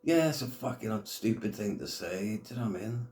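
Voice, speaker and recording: A man's voice: fairly low pitch, animated, brisk, darkish tone, reverberant. A middle-aged man ranting casually to camera, blunt and full of swearing and slang. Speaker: YouTube commentator.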